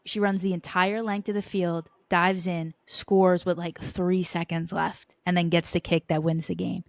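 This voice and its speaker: A woman with a slightly low voice hosting a podcast. She tells sports stories in an animated, playful way and swears casually. The sound is dry and close. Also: unhurried, no echo. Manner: animated storytelling, profane and playful. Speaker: podcast host.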